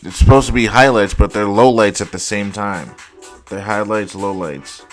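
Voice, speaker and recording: A young man hosting a casual football highlights reaction, exasperated and profane, saying "like" constantly. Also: a little fast, faint music behind. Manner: exasperated, profane, heavy use of "like". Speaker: host.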